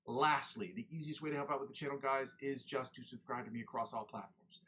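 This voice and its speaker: A man's voice: medium pitch, fairly quick, bright, forceful tone, slightly rough. A young man hosting a guitar livestream, chatting in a rambling, self-correcting way. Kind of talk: casual livestream chat.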